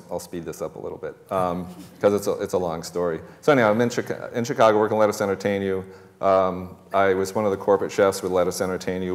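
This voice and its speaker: A man's voice: sits low, long reverb tail. A man in his fifties with a Boston accent, a chef telling his career story on a panel in a rambling way, with lots of fillers and chuckles. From Boston area. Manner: rambling, many fillers and restarts, chuckles between thoughts. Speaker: chef and restaurateur, panel guest.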